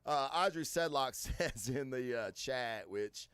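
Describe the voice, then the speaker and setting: A man's voice: medium pitch, animated, slow pace, clear, resonant tone, no echo. A man hosting a casual podcast, telling stories loosely with many fillers and plenty of swearing. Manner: loud, swearing, storytelling with lots of fillers. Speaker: podcast host. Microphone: studio microphone.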